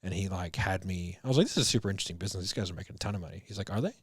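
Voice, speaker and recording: His voice low and husky, this podcast guest, a business coach in his thirties, talks very fast. He swears a lot, laughs through his casual stories, imitates others' words, and leans on "like" and "bro." The studio recording has no echo.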